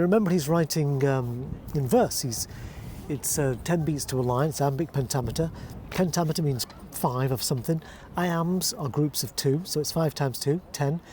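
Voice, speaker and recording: A man teaching how to phrase verse, explaining calmly and reading lines aloud slowly and deliberately. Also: fairly high pitch, a little hiss or hum. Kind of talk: verse-speaking lesson.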